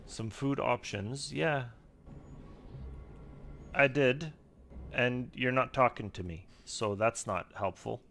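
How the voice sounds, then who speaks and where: A man's voice: medium pitch, slow, vocal fry, pauses often, fairly bright tone, slight background noise. A man giving casual, chatty gameplay commentary, self-deprecating and swearing now and then. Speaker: streamer.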